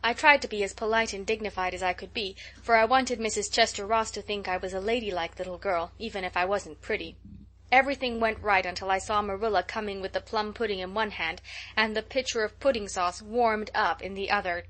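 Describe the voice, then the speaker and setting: A woman's voice: mid-range voice, brisk, fairly bright tone, natural voice. A woman voicing an imaginative, chatty young girl who tells everything dramatically, in an audiobook reading. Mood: gushing. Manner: gushing, breathless storytelling.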